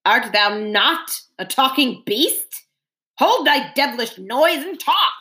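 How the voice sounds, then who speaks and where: A woman's voice: high voice, expressive, takes it slowly, bright, forceful tone, pitched above the performer's own voice, exaggerated voice. A woman voicing a haughty male army captain with stern, old-fashioned speech. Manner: stern, archaic speech, commanding.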